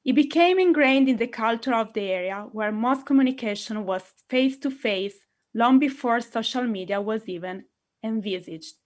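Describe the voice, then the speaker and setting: A woman's voice: fairly high pitch, normal speed. A woman with an Italian accent, hosting a public speaking meeting over a video call, playful and theatrical as she addresses her audience. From Italy. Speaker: meeting host.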